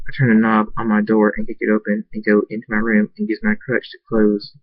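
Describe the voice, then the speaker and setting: A man earnestly narrating a first-person fan story, halting and restarting at times. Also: lowish voice, monotone, dry recording, phone-quality sound. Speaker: amateur story reader.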